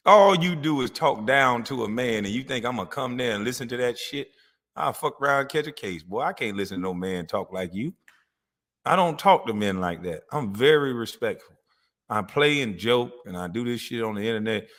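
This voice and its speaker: A man's voice: mid-range voice, a bit bright, big-room sound. A man hosting a livestream, talking back in a profane, fiery, confrontational way. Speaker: show host. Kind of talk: heated livestream talk.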